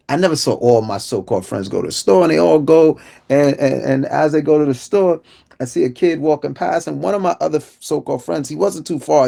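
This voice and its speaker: Middle-aged New man, gravelly voice, inspirational speaker giving personal testimony with repeated phrases. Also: mid-range voice. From Brooklyn, New York. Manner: vivid storytelling, repeats phrases, drops to a hush for tense moments.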